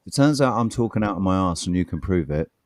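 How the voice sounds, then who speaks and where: A man's voice: low voice, expressive, fast talker, a little mellow, no echo, clean studio sound. A man co-hosting a podcast in casual chat, rambling, repeating words and swearing freely. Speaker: podcast co-host.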